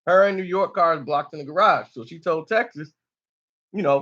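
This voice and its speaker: Man, high bright voice, casual slangy storyteller, lo-fi dull recording. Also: a little fast. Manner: slangy, loose, keeps asking "you know".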